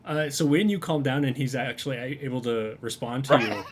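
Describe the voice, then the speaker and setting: A man's voice: medium pitch, fairly quick, breathy edge. A man casually narrating as game master of a tabletop game, rambling with frequent fillers.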